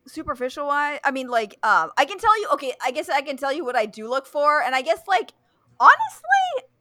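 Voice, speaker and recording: A young woman hosts a casual chat as a podcaster, blunt and freely swearing, with many fillers and restarts. Her high-pitched voice is pushed and bright, with no room sound.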